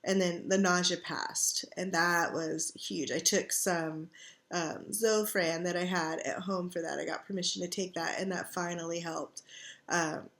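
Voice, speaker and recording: A woman's voice: lowish voice, fairly even intonation, unhurried, fairly bright tone. A middle-aged woman chatting casually from her couch at home, sore and tired while recovering from surgery, rambling with lots of fillers. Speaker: vlogger. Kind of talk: casual chat.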